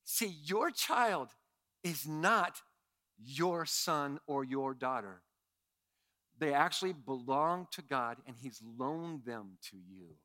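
A middle-aged man preaching a sermon as pastor, animated and impassioned. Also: medium pitch, takes it slowly.

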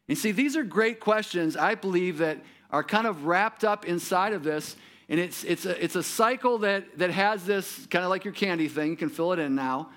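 A man's voice: high-pitched, animated, normal speed, fairly bright tone. A man preaching a sermon as pastor, talking conversationally and asking the congregation many rhetorical questions.

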